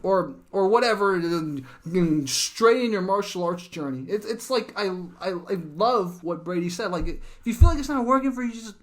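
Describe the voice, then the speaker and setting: A man hosting a casual interview over a call, talking in an animated, rambling way with plenty of fillers. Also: high-pitched, normal speed, few pauses. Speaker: host.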